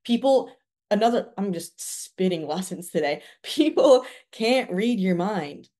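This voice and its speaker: A woman's voice: medium pitch, animated, measured pace, dark tone. A woman in her twenties from Canada, a podcast guest speaking earnestly in casual conversation and giving advice with plenty of fillers. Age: 20s.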